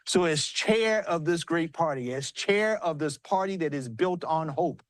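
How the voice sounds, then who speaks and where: Southern man as party chair on a remote news hit: high-pitched, dry close mic, earnest storytelling that builds to rousing remarks. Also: measured pace, no room sound. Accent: South Carolina. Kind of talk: live remarks on news broadcast. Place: large arena with commotion.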